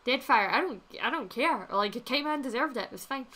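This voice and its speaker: Bright-voiced woman streamer. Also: fairly high pitch, expressive, a little fast. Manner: chatty, blunt, swears freely, laughs often. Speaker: livestream host reading chat. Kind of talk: casual chat.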